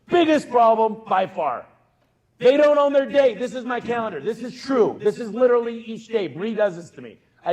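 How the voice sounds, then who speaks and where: A middle-aged man giving an energetic conference keynote from a stage, punchy and emphatic, talking straight to the crowd. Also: sits high, low-quality recording. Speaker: keynote speaker.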